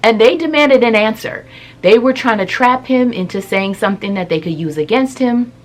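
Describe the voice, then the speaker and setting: A woman's voice: fairly high pitch, normal speed. A woman casually retelling Bible stories in a conversational way, with asides and fillers. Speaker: Bible storyteller. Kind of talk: casual storytelling.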